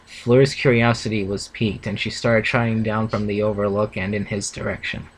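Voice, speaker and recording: With a fairly low pitch, a level tone and a moderate pace, a young man casually reads a fan story aloud with a co-host, stumbling and self-correcting. It's a low-quality recording with slight background noise.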